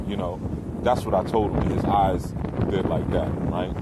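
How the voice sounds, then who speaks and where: A man's voice: low-pitched, fairly even intonation, normal speed. Rambling man, outdoors by the water. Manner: loose, rambling, with profanity. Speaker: spiritual teacher. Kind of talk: casual outdoor monologue. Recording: windy outdoor noise.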